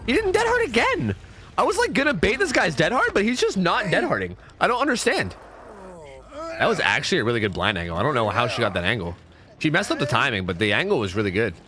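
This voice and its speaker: A young man giving casual, jokey commentary while streaming a horror game, chatting and breaking into sudden high exclamations. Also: huge pitch swings, quick pace, sharp tone.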